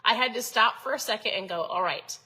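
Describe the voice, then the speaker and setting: Bright-voiced chatty woman coaching viewers. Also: a little high, quick pace, husky, low-quality recording. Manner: chatty, coaching, asks the audience questions. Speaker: host. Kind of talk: casual motivational talk to viewers.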